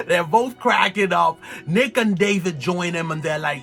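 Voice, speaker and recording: A man giving an excited, slangy recap of a TV show, laughing and exclaiming often. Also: sits high, unhurried, gravelly, faint music behind. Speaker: TV recap vlogger.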